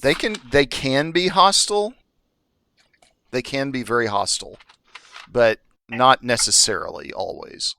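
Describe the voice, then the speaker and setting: A man's voice: mid-range voice, measured pace, vocal fry, pauses often, pushed and bright, a little hiss or hum. A man acting as dungeon master, explaining and narrating the scene of a tabletop game, with frequent restarts.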